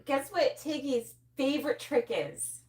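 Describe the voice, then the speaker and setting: A woman's voice: sits high, animated, measured pace, a little mellow, recorded from a distance. A woman, a mortician, in casual live-stream banter in a home studio room, dry and teasing. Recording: voice off-mic.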